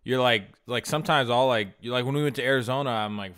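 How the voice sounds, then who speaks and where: A man's voice: mid-range voice, fast talker, a bit bright, clean tone. A man co-hosting a comedy podcast, talking in a blunt, offhand way full of swearing. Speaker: podcast co-host. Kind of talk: casual comedy podcast chat.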